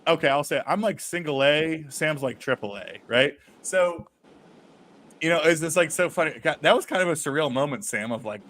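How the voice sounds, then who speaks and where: A man's voice: on the high side, expressive, moderate pace, a bit bright. A man hosting a casual podcast chat, rambling and restarting his sentences often. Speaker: host.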